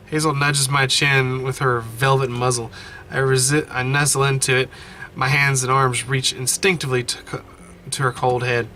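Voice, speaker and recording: Bright-voiced man reading a game aloud. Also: medium pitch, moderate pace, slight background noise. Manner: animated, laughs often, self-correcting. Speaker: gamer playing a story game. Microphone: desk mic, wearing headphones.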